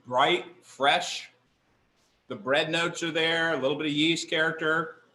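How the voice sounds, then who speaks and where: His voice is a little high, bright and forceful, with fairly even intonation and a slightly slow pace, and the room sounds roomy. He's a middle-aged wine instructor hosting a live online tasting class from a kitchen counter indoors, enthusiastic, talkative and self-mocking.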